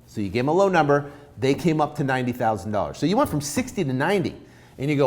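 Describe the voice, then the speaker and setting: A man's voice: on the high side, brisk. A man giving informal coaching on real estate deals, acting out both sides of a negotiation. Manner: animated, acts out both sides of a deal.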